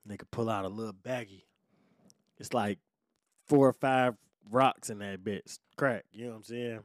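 A man hosting his own show, telling a story from his life in casual, profane street slang and swinging from low muttering to loud outbursts. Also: fairly even intonation, normal speed, no room sound, clean studio sound. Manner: profane street slang, acts out quoted voices.

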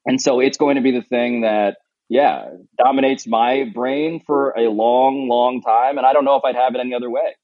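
A man's voice: mid-range voice, fairly even intonation, moderate pace, no room sound. A man in his thirties from New York, a sleep-deprived new father, co-hosting a casual remote chat in a rambling, earnest way with many fillers. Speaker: podcast co-host. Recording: dull lo-fi remote line.

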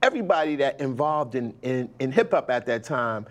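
Older man, animated storytelling guest. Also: mid-range voice, moderate pace. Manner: animated, quotes others in lively bursts. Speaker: interview guest, hip hop pioneer. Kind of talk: conversational storytelling.

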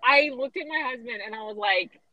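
A woman's voice: a little high, a little fast, dry recording, muffled recording. A woman, a pageant titleholder telling a story in a podcast interview and acting out the voices of people she quotes.

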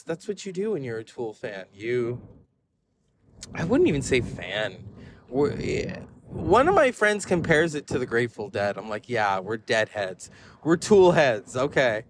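A man hosting a podcast, telling rambling stories in an animated way with frequent laughs. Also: medium pitch, noisy background. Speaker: podcast host. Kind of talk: casual rambling monologue.

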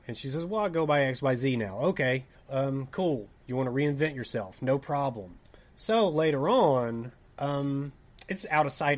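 A young man with a Tennessee accent, telling a story in casual podcast chat, animated and laughing, swearing and acting out quoted dialogue. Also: mid-range voice. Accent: Southern US, Tennessee. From Tennessee, USA. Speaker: podcast co-host.

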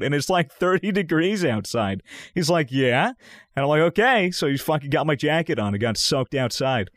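A man's voice: a little high, moderate pace, no room sound, clean studio sound. A young man in his twenties, chatting casually on a podcast and telling stories, swearing often and acting out what people said. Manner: animated, swears a lot, acts out quotes. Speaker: podcast co-host. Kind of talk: casual chat, storytelling.

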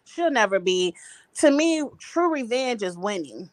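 A woman's voice: on the high side, very animated, unhurried, no echo. A woman hosting a casual recap chat over a video call, opinionated and blunt. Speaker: host.

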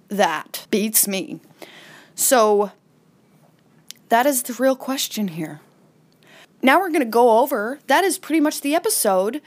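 A woman with a fairly high voice hosts a podcast, retelling a sitcom episode in a loose, chatty way. She now and then slips into a quick acted-out line before going back to her easy recap. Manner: chatty, retells scenes with brief acted-out quotes. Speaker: podcast host.

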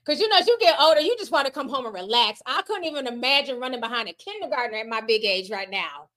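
High-voiced lady in her 40s reading super chats, casual and slangy, laughs a lot. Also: expressive, quick pace, pushed and bright. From United States. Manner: chatty, laughs often, slangy asides. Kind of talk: casual livestream chat.

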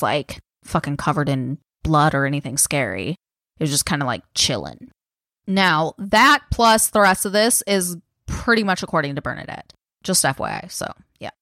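A woman's voice: lowish voice, fairly bright tone, no room sound, studio quality. A woman co-hosting a podcast, casually retelling a true-crime case in a chatty, filler-heavy way and swearing freely. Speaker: podcast co-host.

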